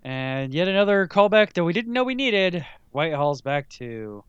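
A playful man chatting as a podcast co-host, laughing often. His voice sits a bit high and swings widely in pitch. It is smooth and clear, recorded dry and close. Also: moderate pace, no echo, highs cut off. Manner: giggly, animated, playful. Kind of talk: casual chat.

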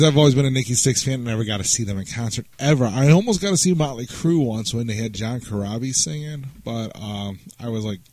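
Lowish-voiced man hosting a joking radio show. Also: no room sound. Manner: rambling, laughs often, joking and teasing. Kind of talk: casual banter on an internet radio show.

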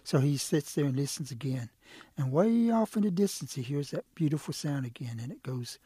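A man telling a traditional animal folk tale in a relaxed, rhythmic way. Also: on the high side, a little fast, heavy background noise. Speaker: storyteller. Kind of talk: traditional oral storytelling.

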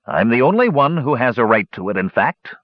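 Wise old dwarf, voiced by a male narrator: low, soft and unhurried, dry lo-fi sound. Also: sing-song, no room sound. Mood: steady.

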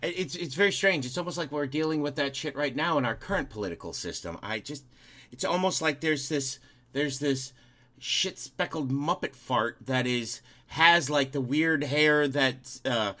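A man co-hosting a casual podcast, telling a story in an animated way and swearing often. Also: on the high side, moderate pace. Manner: animated, swears a lot, tells stories. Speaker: podcast co-host.

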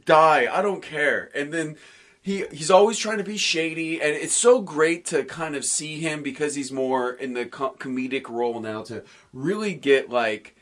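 A man chatting casually about comics as a podcast co-host. He rambles with lots of restarts and fillers, getting excitable, and his voice sits a little on the high side. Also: normal speed. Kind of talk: casual comic book chat.

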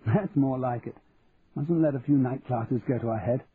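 A man's voice: medium pitch, normal speed, close to an everyday voice. A man voicing a witty, upper-class English lady who teases her guests in a posh drawl. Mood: teasing. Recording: tinny, phone-like audio, faint hiss.

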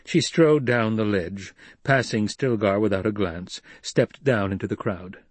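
Husky male audiobook narrator. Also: on the low side, unhurried, no echo.

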